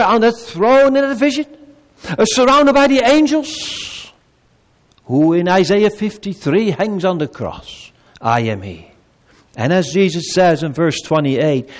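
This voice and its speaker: A man preaching a sermon as pastor, with a high-set voice. He speaks slowly, pausing between repeated phrases. His appeals rise loud and high, then drop to low, quiet pleading. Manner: slow, measured delivery with pauses and repeated phrases.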